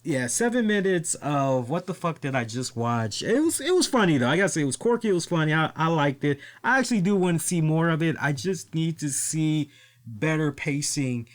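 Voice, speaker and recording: This is a male podcast host recapping wrestling in casual, profane chat. His voice sits a little high and rises and falls a lot. He often breaks into laughter as he tells a story. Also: expressive, normal speed.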